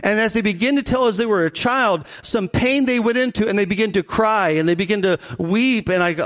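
A middle-aged man, a pastor, preaching a conversational sermon and slowing down on key points. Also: sits high, animated, fairly bright tone. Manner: conversational preaching, slows for emphasis.

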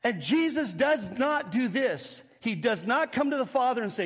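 This pastor's high, light voice has lively intonation and a moderate pace as he explains scripture to his congregation in a sermon. Rhetorical questions and acted-out little scenes mark his delivery, which rings with long reverb like a large hall.

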